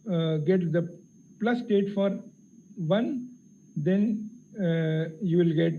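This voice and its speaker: A man with a fairly high voice walks through a physics lecture, careful and explanatory, pausing often on fillers. The audio is thin and phone-like. A faint hiss sits underneath it. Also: warm tone. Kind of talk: technical lecture.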